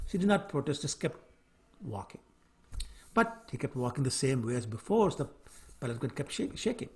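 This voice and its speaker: A man giving a scripture class, retelling a story in an animated way with fillers. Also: medium pitch, a little fast. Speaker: lecturer on scripture.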